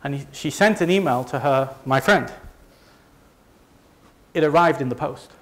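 A man with a Leeds accent talks an audience through his slides in an easygoing, chatty way. He often restarts his sentences and pokes fun at himself. His pitch sits in an ordinary middle range for a man. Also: a little slow. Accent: Northern English, Leeds. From north of England. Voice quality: conversational, self-deprecating, frequent restarts. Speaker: company presenter. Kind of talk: conference presentation to a live audience.

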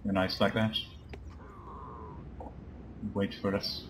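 A man with a fairly low voice talks through his game at an unhurried pace, chatting to his characters and joking about what happens. There is a faint hiss behind him. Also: little pitch movement. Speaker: let's play commentator. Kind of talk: casual gameplay commentary.

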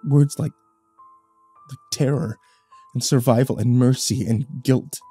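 A man's voice: medium pitch, fairly even intonation, unhurried, warm tone, breathy edge, soft background music. A man narrating a first-person horror story in a tense, dramatic reading.

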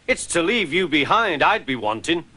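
A man's voice: fairly high pitch, sing-song, normal speed, pushed and bright, pitched above the performer's own voice, heavily acted. A man putting on a blustering Scottish engine. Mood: scolding. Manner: blustering, scolding. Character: grumpy Scottish male twin steam engine.

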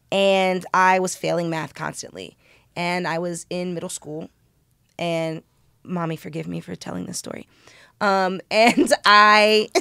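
A young woman with a fairly low voice telling a story in casual podcast chat. She is animated and excitable and swears freely. The sound is close and dry, with no room around it. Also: gravelly, no echo. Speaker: podcast co-host.

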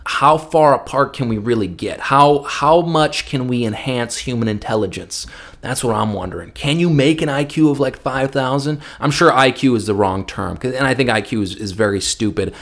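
A man's voice: mid-range voice, normal speed, fairly bright tone. A man in a casual opinion vlog, joking and rambling with plenty of swearing. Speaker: vlogger.

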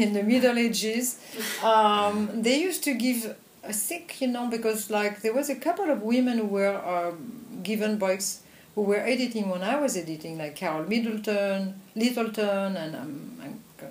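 An older woman with a French accent, a film editor telling lively anecdotes in a conversational interview, with frequent laughs. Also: mid-range voice, roomy sound, slight background noise, rough recording. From France. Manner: animated anecdotes with frequent laughs and "you know". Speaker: film editor and director, guest.

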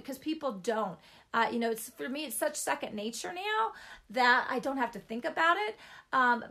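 A woman's voice: high voice, bright, forceful tone. A middle-aged woman giving an informal Christian teaching talk, chatty and emphatic, repeating words for stress.

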